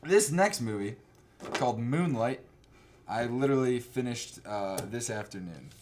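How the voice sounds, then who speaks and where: A man's voice: mid-range voice, animated, a little slow. Young guy riffing on movies, goofy mock voices, faint hiss behind. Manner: jokey, acts out scenes in mock voices, laughs a lot. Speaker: co-host. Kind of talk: casual comedic movie chat.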